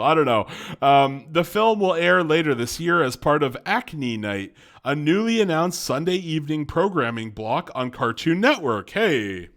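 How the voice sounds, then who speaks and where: A man's voice: on the high side, a bit bright. A young man in casual reaction commentary, rambling, correcting himself and laughing often. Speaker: YouTube commentator.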